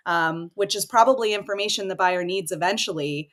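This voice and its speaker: A woman's voice: medium pitch, normal speed, few pauses. Thoughtful woman hosting a podcast. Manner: conversational and thoughtful, builds on the guest's points. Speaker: podcast host. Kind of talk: podcast conversation.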